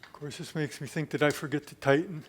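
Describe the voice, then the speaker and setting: A man's voice: fairly high pitch, fairly even intonation, quick pace, husky. A man giving a hands-on repair demonstration in his home gym, chatting and talking to himself as he works. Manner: chatty, talks to himself while working. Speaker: DIY video maker.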